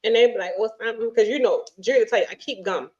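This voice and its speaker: A woman's voice: medium pitch, fast talker, darkish tone. Blunt ranting woman, lo-fi sound. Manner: blunt, ranting, restarts often. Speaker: podcast co-host. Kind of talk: casual chat.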